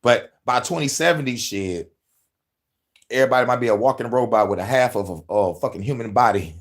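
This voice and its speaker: A man hosting a podcast, delivering profane, animated conspiracy commentary and laughing often. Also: mid-range voice, a little fast. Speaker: podcast host.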